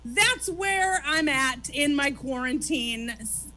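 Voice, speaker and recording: Brief: woman talk-show host, high and lively, swearing, animated stage rant. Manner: animated, profane, rapid-fire ranting. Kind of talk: stand-up style chat on stage. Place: comedy theater stage.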